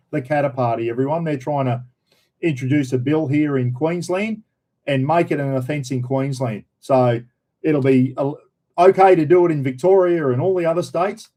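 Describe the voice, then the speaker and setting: A male livestream host with an Australian accent chats casually and answers viewer comments in a blunt, opinionated, slangy way. His voice is mid-range and mellow, and the recording is rough.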